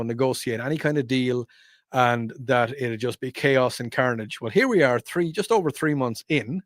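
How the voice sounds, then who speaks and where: A man's voice: mid-range voice, no echo, studio quality. A man hosting, delivering a rambling, wry, opinionated monologue full of asides. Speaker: host. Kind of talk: opinionated radio-style monologue.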